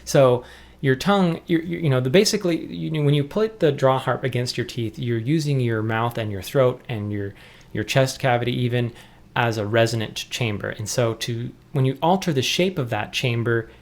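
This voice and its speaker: A young adult man teaching jaw harp technique in a relaxed, explanatory way, often restarting his sentences. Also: medium pitch, normal speed. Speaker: music teacher. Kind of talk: instructional tutorial.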